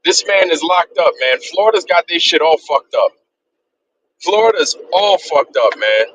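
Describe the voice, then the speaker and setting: A man on a livestream, ranting heatedly and swearing a lot, circling back to the same points again and again. His voice sits high and bright and swings widely in pitch. A faint hiss of noise runs underneath. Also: big pitch swings, normal speed, low-quality recording. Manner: heated, profane, repetitive ranting. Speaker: streamer.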